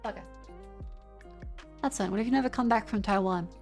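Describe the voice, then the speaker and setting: A woman's voice: medium pitch, a little mellow, soft background music. Chatty Australian woman streamer. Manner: chatty, quick restarts, reading chat aloud. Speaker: vtuber streamer. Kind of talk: casual stream chat reading comments.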